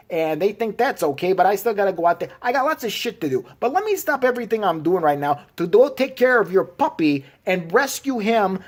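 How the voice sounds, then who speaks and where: A gruff, worn-out city cop rants sarcastically and swears at every turn, as a man puts him on in his vlog. He sounds put-upon and mocking, lifted a little above the performer's usual pitch. His delivery stays rough and dismissive. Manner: mocking, profane rant. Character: gruff sarcastic male Chicago cop, fed up.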